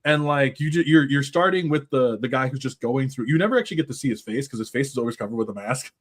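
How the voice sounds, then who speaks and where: A man's voice: medium pitch, fast talker. Rambling, swearing man in casual chat. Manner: rambling, animated, swears a lot, many fillers.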